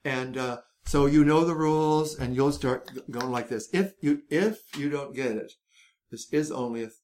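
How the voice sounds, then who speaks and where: A man's voice: mid-range voice, moderate pace, a little mellow, a little hiss or hum. A man hosting a podcast, chatty and self-mocking, rambling with frequent restarts. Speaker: podcast host. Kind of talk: casual podcast chat.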